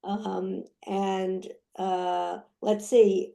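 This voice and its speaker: A woman chairing an online union meeting who says she is losing her voice, closing with announcements in an unhurried way with frequent fillers. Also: mid-range voice, fairly even intonation, warm tone.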